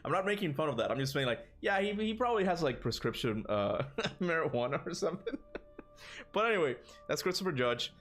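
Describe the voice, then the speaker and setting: A man's voice: a little high, sing-song, fast, fairly bright tone, soft background music. A man hosting a casual gaming livestream, rambling with many fillers and restarts, and laughing often. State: burping after lunch. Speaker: gaming channel host.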